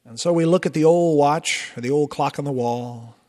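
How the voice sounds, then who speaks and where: Lutheran pastor preaching in a reverberant church. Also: male voice, fairly high pitch, moderate pace. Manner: expressive preaching with emphatic rises and conversational asides. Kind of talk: sermon. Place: church sanctuary.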